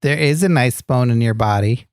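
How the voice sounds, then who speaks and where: A man's voice: medium pitch, moderate pace, no echo, studio quality, pitched below the performer's own voice, close to an everyday voice. A man voicing a dim, earnest male wrestler sidekick on a comedy podcast, cheerful and naive. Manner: cheerful, naive, doing sponsor reads. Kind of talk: improvised comedy podcast banter.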